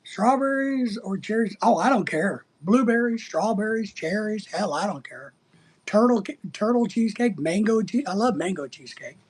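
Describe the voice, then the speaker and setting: Middle-aged man, husky voice, crude and jokey, rambling live chat. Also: high voice, animated, normal speed. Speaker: livestream host reading chat.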